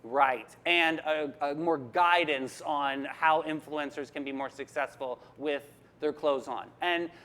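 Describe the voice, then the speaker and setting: A woman's voice: low-pitched, measured pace, a bit bright. A woman co-hosting a morning talk show, chatting casually about the news and reading stories aloud.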